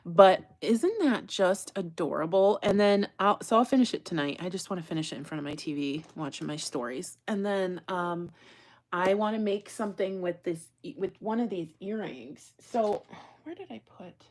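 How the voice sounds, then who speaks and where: This livestream host, a woman making jewelry, has a fairly low, slightly mellow voice and speaks at normal speed. Chatty and quick to laugh, she reads viewer comments aloud and whispers at times as she works.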